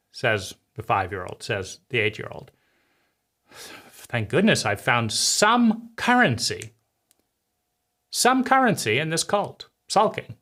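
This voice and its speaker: A man teaches in an animated monologue, slipping into the voices and scenes he describes. His tone is bright and forward, and he leans on repeated rhetorical phrases to drive a point home. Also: medium pitch, takes it slowly, long pauses. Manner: acts out inner voices and scenes. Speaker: teacher of a personal-growth channel.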